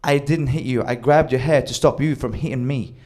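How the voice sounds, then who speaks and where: A man telling a wild personal story with animated delivery, acting out quoted lines and swearing freely. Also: medium pitch, brisk. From Sweden. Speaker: storyteller on a comedy show. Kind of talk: live comedic storytelling.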